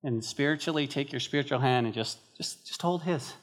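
Animated man preaching to his church. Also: on the high side, brisk. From northern New Mexico. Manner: animated, emphatic conversational preaching. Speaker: pastor. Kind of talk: sermon.

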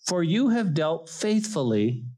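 A man preaching a sermon in a voice that sits on the higher side for a man. He talks to his congregation in a conversational, emphatic way and leans on repetition to drive his points home. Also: sing-song, takes it slowly, dark tone, husky, poor audio. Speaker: pastor.

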